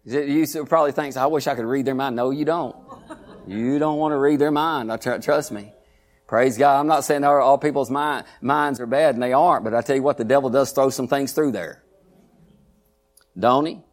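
A pastor preaching a sermon, drawing the congregation in with repeated asides and questions. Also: male voice, mid-range voice, normal speed. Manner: preaching with call-and-response asides, repeated "huh?" and "listen".

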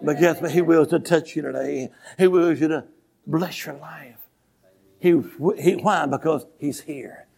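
A man preaching a revival sermon in a church, telling stories and breaking into shouted hallelujahs. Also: fairly high pitch, fairly even intonation, a little slow, creaky. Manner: builds to shouting, exclamations of hallelujah. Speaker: evangelist preacher. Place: church sanctuary with congregation.

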